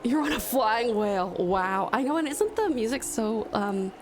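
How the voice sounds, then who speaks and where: A woman's voice: a little high, lively intonation, normal speed, a little hiss or hum. A woman from Australia streaming from home, chatting casually and gushing thanks to viewers with pet names. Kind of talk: casual live-stream chat. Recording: music playing behind.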